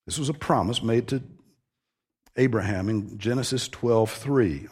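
A man's voice: mid-range voice, measured pace, a little mellow, slightly rough. A man preaching an expository sermon, earnest and emphatic, stressing key phrases as he teaches.

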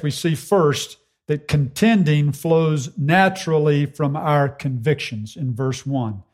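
A man delivering a sermon in an earnest, emphatic way. His voice sits a little higher than most men's, and he slows down to repeat key phrases with weight. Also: a little mellow. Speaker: preacher. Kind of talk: expository sermon.

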